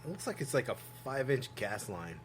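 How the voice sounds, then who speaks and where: Podcast co-host, male, mid-pitched, loose and rambling, curses freely. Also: sing-song, a little fast, slight background noise. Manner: rambling, swears often, heavy use of "like". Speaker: podcast co-host, food truck owner. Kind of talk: casual podcast chat.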